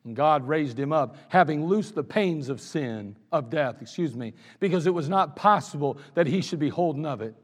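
High-voiced preacher in an echoing church. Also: male voice, lively intonation, normal speed, few pauses. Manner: emphatic preaching, swinging between loud declarations and hushed asides. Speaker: pastor. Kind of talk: sermon. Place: church sanctuary. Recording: echoey church sanctuary.

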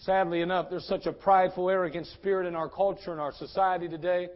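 A male pastor preaching an impassioned sermon in a church, swinging between loud and soft. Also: high voice, steady tone, fast, lo-fi sound.

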